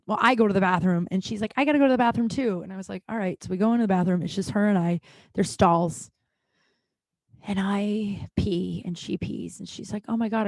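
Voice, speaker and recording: A woman in her thirties talks through a personal story as a podcast host, chatty and rambling, stopping and restarting her sentences. Her voice sits at an ordinary pitch for a woman. It is recorded close and dry, with no room echo. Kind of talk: casual storytelling monologue.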